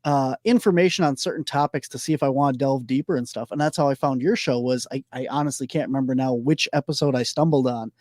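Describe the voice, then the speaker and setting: A man's voice: medium pitch, fast, few pauses, darkish tone, dry recording, studio quality. A man hosting a podcast interview who rambles with many fillers and is losing his voice. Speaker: podcast host. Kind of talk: casual interview chat.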